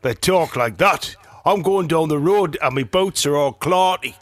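A man's voice: a little high, expressive, unhurried, dry recording, voice pushed up. A man doing a joking imitation of a Geordie man in a broad Geordie accent. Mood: teasing. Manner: exaggerated, mocking imitation.

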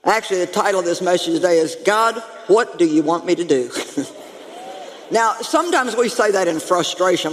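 A woman pastor preaching a lively, humorous sermon to her congregation, calling out to them as she goes. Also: fairly low pitch, moderate pace, big-room sound. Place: church sanctuary.

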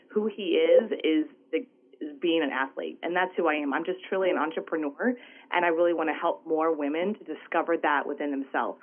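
A woman's voice: low voice, phone-quality sound. A woman from Houston with a Southern accent, telling stories animatedly as an interview guest. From Houston, Texas. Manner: animated, chatty, frequent "right?" asides. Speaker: guest, entrepreneur. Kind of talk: casual interview storytelling.

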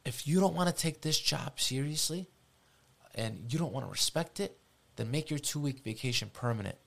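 A man's voice: medium pitch, lively intonation, moderate pace, creaky, a bit bright, pitched above the performer's own voice. A man voicing a stern female boss who reprimands him in a raised, clipped tone.

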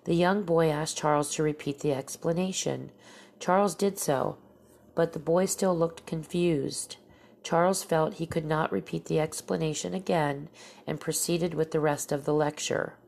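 A woman's voice: low-pitched, fairly even intonation, moderate pace, creaky, a little mellow. A woman telling strange accounts aloud in a plain, matter-of-fact way, with dry asides. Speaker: storyteller.

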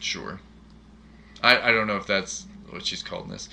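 A man talks through a movie in loose, casual chat, jokey and full of quick questions. His voice is very bright and forward. A faint noise sits behind him. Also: low voice, very animated, gravelly.

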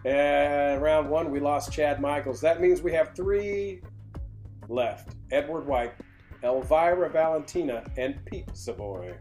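A man's voice: fairly high pitch, slow, darkish tone, faint music behind. A man co-hosting a podcast in casual chat, playful and reading out results with mock drama. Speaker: podcast co-host.

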